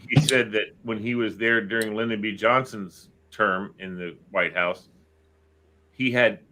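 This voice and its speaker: A middle-aged man with a bright, forceful voice chats casually as a show co-host. He tells stories with energy and slips into quoted voices. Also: fairly low pitch. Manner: animated storyteller, acts out quotes. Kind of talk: casual chat, storytelling.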